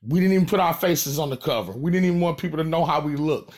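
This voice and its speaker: Quick-paced and a little mellow, a higher-voiced rapper from St. Louis speaks to his fans in his hometown accent. The monologue is swaggering, emphatic and full of profanity.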